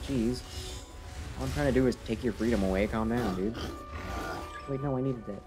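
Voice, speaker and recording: A man's voice: mid-range voice, normal speed, pauses often. A man giving casual, playful commentary while streaming a game, teasing the characters on screen and joking at his own expense. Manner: playful, self-mocking, talks to game characters. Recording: game music playing behind.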